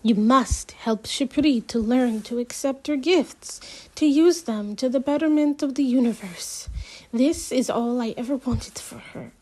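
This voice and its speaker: A woman voicing a mysterious older female psychic teacher in a storybook reading, speaking in a hushed, cryptic way that slips into whispers. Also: high voice, a little slow. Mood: earnest.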